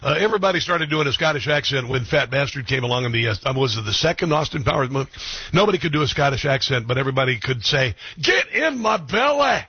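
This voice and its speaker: Male talk radio host, mocking and opinionated, husky dry voice, slightly dull sound. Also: mid-range voice, quick pace, no echo. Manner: mocking, repeats guests' words back.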